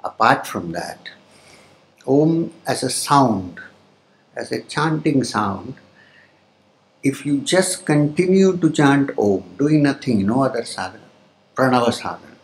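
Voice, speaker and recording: A man, a spiritual teacher, giving a spiritual discourse to a live audience in a hall. He explains slowly, pauses often, and chants Sanskrit terms. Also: mid-range voice, sing-song.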